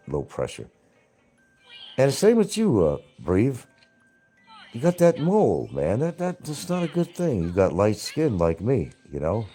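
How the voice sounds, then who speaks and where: Deep, husky man ranting on a livestream. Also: dark tone. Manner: confrontational, mocking, repeats points, swears. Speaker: livestream show host.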